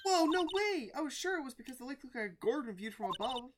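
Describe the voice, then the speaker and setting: A woman's voice: sits high, big pitch swings, quick pace, background noise, voice pushed up. A woman voicing a perky, curious teenage girl sidekick with a bubbly, eager way of talking.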